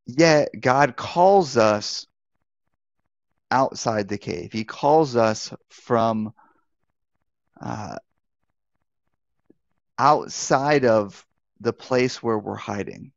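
A man's voice: medium pitch, very slow, gravelly, pauses often, no room sound, lo-fi sound. A man teaching as a pastor in a live online Bible talk, speaking conversationally, restarting phrases and asking rhetorical questions. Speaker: pastor and life coach.

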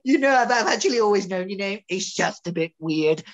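A woman's voice: mid-range voice, lively intonation, fairly quick, close to an everyday voice. A woman playing a petulant, self-pitying male theatre director in an online student drama. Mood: sulky. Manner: whiny, sulky, melodramatic. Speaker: student actor. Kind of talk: online amateur drama over video call. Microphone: video call. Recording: dull lo-fi video call audio.

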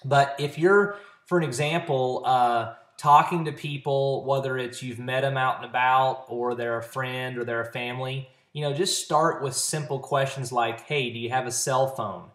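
A man's voice: mid-range voice, fairly even intonation, normal speed, fairly bright tone. A man at home giving a casual, earnest talk to camera, coaching his sales network with practical tips. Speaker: network marketing trainer. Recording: roomy echo.

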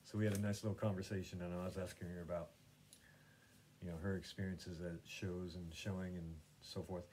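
A man's voice: low-pitched, little pitch movement, a little fast, darkish tone, slight background noise. A man hosting his own podcast, chatting casually about painting and gallery visits in a meandering way, full of fillers and restarts. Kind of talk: casual rambling chat.

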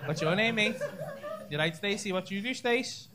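On a comedy club stage, a man with a high-pitched voice does brash, sweary crowd work at a moderate pace, teasing the audience. The live recording is noisy, with loud laughter from the crowd.

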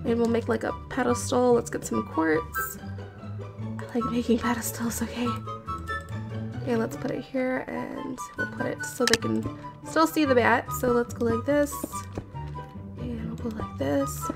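A woman gamer commentates while building in a game, chatting to her viewers in a nervous, giggly way. Her voice is a little high, level, a little slow, and creaky, over game audio with background music.

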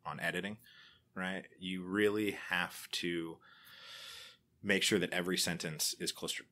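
Male podcaster guest, deep but bright voice, wry and rambling. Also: steady tone, a little slow. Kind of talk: casual interview chat.

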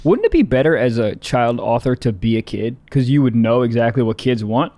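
A man co-hosting a casual podcast chat, profane and animated, often jumping into high mock voices. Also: a little fast. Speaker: podcast co-host.

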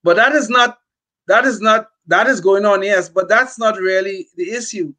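A man's voice: high-pitched, moderate pace, pushed and bright. An older man co-hosting a political talk show, speaking emphatically with frequent restarts. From California. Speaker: podcast co-host. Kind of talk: political commentary.

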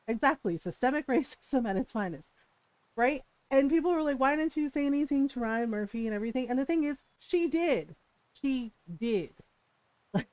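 A woman streamer talks in a loose, animated rant, breaking into laughs and swearing freely as she tells a story. Her pitch sits in an ordinary middle range. The sound is close and dry, with no room echo. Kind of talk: casual live-stream chat.

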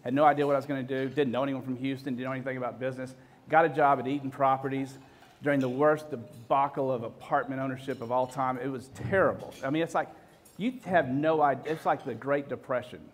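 A man's voice: medium pitch, fairly even intonation, fast talker. A man, telling stories to an audience in a joking, self-deprecating way, full of restarts and acted-out quotes. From Texas. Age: 50s. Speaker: speaker. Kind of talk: storytelling talk to an audience.

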